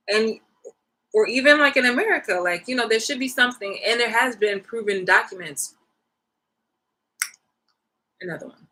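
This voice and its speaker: A woman's voice: fairly high pitch, lively intonation, moderate pace, long pauses, bright, forceful tone, low-quality recording. A young woman vlogging in a rambling, slangy casual rant, swearing freely.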